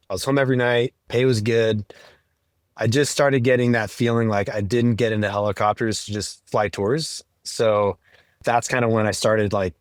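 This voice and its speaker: A man, a helicopter pilot guest on a podcast, talking about his career in a relaxed way full of fillers. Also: lowish voice, no room sound, clean studio sound. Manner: relaxed, filler-heavy, quoting himself. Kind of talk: casual interview chat.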